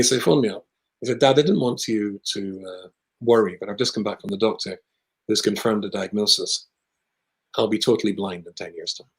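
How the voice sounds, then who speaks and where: A man with a British accent, a rabbi telling a long personal story in conversation, with lively asides. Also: on the low side, rough recording. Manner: animated anecdotal storyteller with asides.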